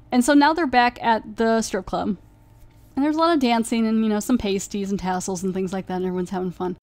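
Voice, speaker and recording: On her podcast, a woman rambles casually through an episode review and plot recap, leaning heavily on "like" as filler. Her voice sits at medium pitch with a darkish tone, and the audio has no room sound.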